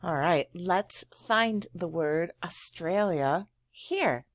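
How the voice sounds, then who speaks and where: A woman teacher speaks very slowly to young children, her lowish voice swooping up on words of praise. She draws words out and hums while thinking. The sound is dry and close. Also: lively intonation, dry recording. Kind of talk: slow, encouraging lesson for young children.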